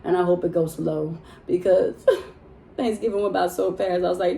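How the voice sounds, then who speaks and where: A woman chats casually to her vlog viewers in a low, mellow voice. She is animated and talkative and laughs easily. Her voice carries a roomy echo from the room at home where she records. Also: normal speed, gravelly. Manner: chatty and animated, laughs often, addresses viewers as y'all. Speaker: vlogger.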